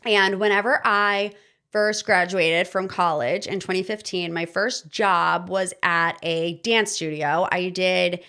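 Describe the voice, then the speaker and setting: A woman in her thirties hosting a podcast, giving casual pop-culture commentary in an animated, sarcastic, ranting manner. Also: lowish voice, takes it slowly, clean tone. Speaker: podcast host.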